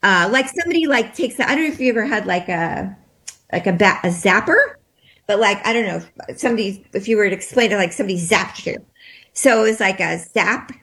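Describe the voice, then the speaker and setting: A woman interview guest recounting a personal experience, shaken and trembling, talking haltingly with many restarts and fillers. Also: mid-range voice, animated, a bit bright.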